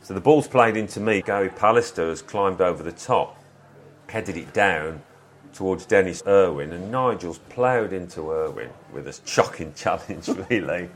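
A man, a former footballer, telling stories from his playing days in a relaxed, reflective interview. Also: deep voice, normal speed. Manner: reflective, anecdotal, quotes others.

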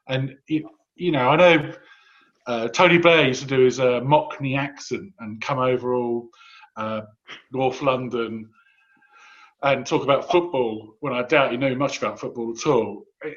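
A man's voice: medium pitch, a bit bright, dull audio. A man in his fifties, a guest commentator, talking in a wry, sardonic way with frequent restarts in casual political chat. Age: 50s.

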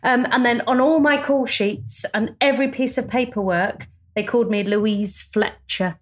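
A woman co-hosting a podcast in casual, excitable chat, telling stories. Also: fairly high pitch, normal speed. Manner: excitable, storytelling. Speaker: podcast co-host.

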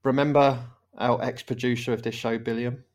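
A man's voice: mid-range voice, level tone, moderate pace. A man hosting a casual podcast chat, rambling and laughing often. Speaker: podcast host.

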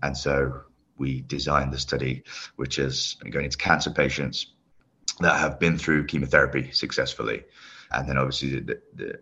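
A man's voice: extremely low pitch, sharp tone, slightly rough. A man from the UK as a podcast guest, explaining his work with enthusiasm. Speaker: guest, longevity company head. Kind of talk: podcast interview. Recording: dull lo-fi sound.

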